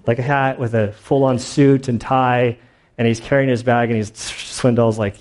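A man's voice: mid-range voice, normal speed. Casual storytelling male pastor. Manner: casual storytelling, animated retellings. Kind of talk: sermon.

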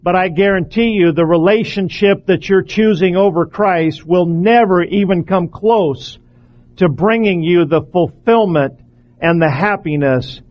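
A male preacher delivers an earnest sermon, pleading with his listeners and hammering points home through repetition. His voice sits high for a man. The recording sounds somewhat dull and lo-fi. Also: a little slow.

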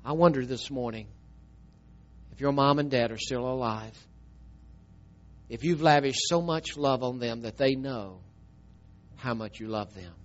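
A middle-aged man, preaching a storytelling sermon and swinging from emphatic, loud telling to a soft, tearful hush. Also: medium pitch, unhurried, pauses often, lo-fi sound.

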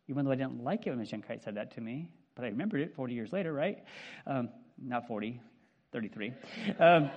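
A man in his fifties preaching a sermon in a conversational, animated way, often checking in with "right?". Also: mid-range voice, highs cut off. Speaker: pastor.

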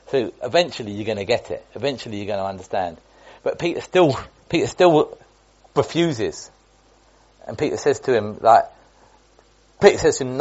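A man's voice: mid-range voice, lively intonation, fairly quick, darkish tone, slightly rough, muffled recording. Chatty man teaching a sermon. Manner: chatty, repetitive, with many restarts and asides. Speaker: Bible teacher.

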